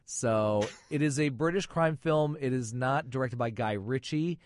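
A man's voice: medium pitch, unhurried. A man reviewing films and chatting on the radio, with chatty joking asides. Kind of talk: casual radio chat.

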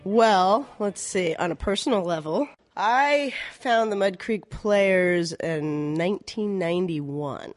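Middle-aged woman director chatting, lively, laughs a lot, dry sound. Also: mid-range voice, slow, few pauses, no echo. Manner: animated, laughing storyteller who acts out quotes. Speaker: community theater director. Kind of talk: casual interview storytelling.

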